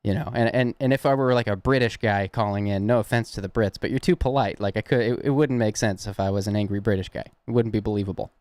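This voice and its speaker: A young Southern man with a Southern American accent hosts a prank-call livestream, chatting casually and rambling to his viewers with plenty of chuckles. His voice sits fairly low and has a darkish tone; he talks fast with few pauses, and there's no room sound.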